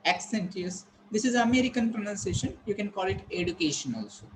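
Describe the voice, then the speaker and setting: A man runs a pronunciation lesson for his students online. His voice sits a little high, and he keeps repeating words and questions as he drills them. A faint hum stays behind him throughout. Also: brisk, poor audio. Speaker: English teacher.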